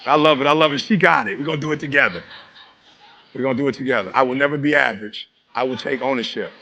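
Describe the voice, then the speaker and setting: Man, motivational speaker, live speech, call-and-response, shouted exhortations, forceful tone. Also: mid-range voice, quick pace. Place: room with a live audience.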